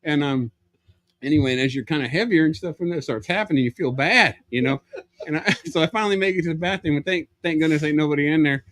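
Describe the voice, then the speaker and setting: A man, a podcast guest telling a funny story with lively energy and frequent laughter. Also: fairly high pitch, quick pace, no room sound. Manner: animated, laughs through his story. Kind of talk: comedic storytelling.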